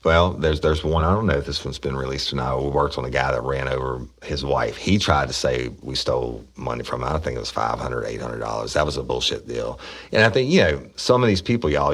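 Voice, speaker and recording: A man's voice: extremely low pitch, moderate pace. A middle-aged man, a former police officer, telling rambling, profane stories in a casual podcast. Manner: profane, rambling storyteller who acts out quotes loudly. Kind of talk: casual true-crime storytelling.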